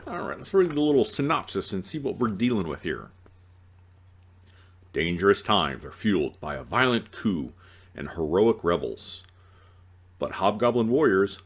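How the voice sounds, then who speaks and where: A man's voice: lowish voice, a bit bright. A man hosting an unboxing video, chatting casually and joking at himself, groggy after a night out and stumbling over his reading. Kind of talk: casual rambling unboxing talk.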